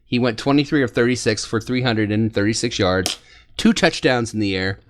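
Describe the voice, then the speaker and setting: Male podcast host, mid pitch, chatty and laughing a lot as he tells sports stories. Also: normal speed, slight background noise. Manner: laughing, animated storytelling. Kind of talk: casual sports chat.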